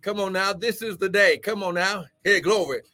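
A man preaching as pastor and prophet on a live stream, fervent and shouting, breaking into tongues. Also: high voice, moderate pace. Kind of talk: charismatic live-stream sermon. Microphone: live-stream microphone.

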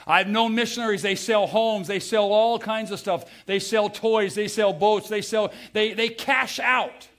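A middle-aged American man preaching a sermon, telling stories with feeling and swinging from loud to hushed. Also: sits high, fairly even intonation, measured pace, hardly any pauses. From United States. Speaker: pastor.

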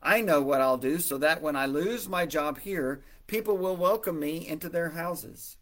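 A man's voice: a little high, moderate pace, voice pushed up, lightly acted. A man doing a panicky scheming manager. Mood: anxious. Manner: anxious, scheming. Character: panicky manager about to be fired.

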